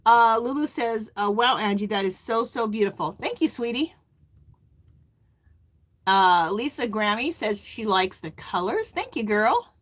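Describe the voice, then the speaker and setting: A woman's voice: a little high, expressive, measured pace. Chatty woman hosting a live stream. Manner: chatty, reads viewer comments aloud; warm and emotional, near tears. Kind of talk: casual live stream chat.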